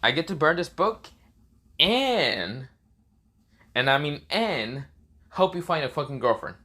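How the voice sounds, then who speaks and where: A cocky grown sorcerer teacher brags and swears in an offhand, mocking way, as a man plays him. His voice is bright and forceful, close to a normal speaking voice. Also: a little high, expressive, fast, voice pushed up. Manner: boastful, swearing. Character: cocky, foul-mouthed male sorcerer teacher.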